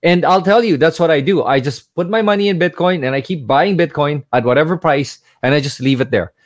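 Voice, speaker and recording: A man's voice: on the high side, fairly quick, no echo, clean studio sound. A man as a guest in a casual chat, speaking with confidence and emphasis and acting out conversations as he tells a story. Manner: confident, emphatic, acts out dialogue. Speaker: guest, crypto investor.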